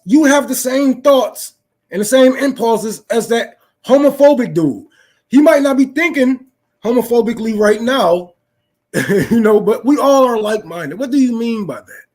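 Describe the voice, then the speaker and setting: A man's voice: very high-pitched, a little mellow. A young man in an unscripted political rant, profane and fired-up, preaching to his listeners. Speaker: political talk host.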